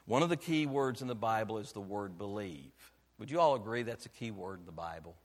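A man preaching a sermon as pastor, emphatic, with rhetorical questions, swinging between loud declarations and quiet, earnest passages. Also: on the low side, animated, brisk, long reverb tail. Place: church sanctuary.

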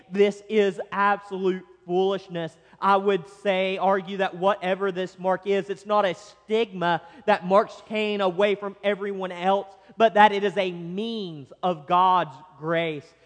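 A man preaching a sermon, reading scripture aloud and breaking off for conversational, wry asides and acted-out quotes. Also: sits high. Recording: long hall reverb.

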